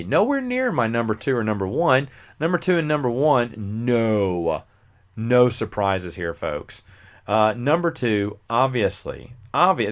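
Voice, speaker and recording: A man hosting a casual movie review show who acts out scenes as he retells them. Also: medium pitch. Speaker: movie review podcast host.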